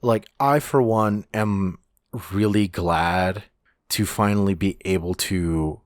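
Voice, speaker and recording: A man's voice: low-pitched, slow, dry recording, studio quality. A man co-hosting a podcast in casual chat, rambling with many restarts and the odd swear. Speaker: podcast co-host.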